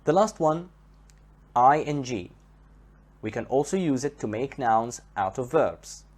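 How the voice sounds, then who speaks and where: A male English teacher whose first language is Arabic gives a patient grammar lesson. He spells suffixes out letter by letter and says each example word twice. His pitch rises and falls a lot, and he keeps an unhurried, deliberate pace. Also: lively intonation, darkish tone. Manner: spells out letters and repeats words for stress. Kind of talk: slow, careful grammar lesson.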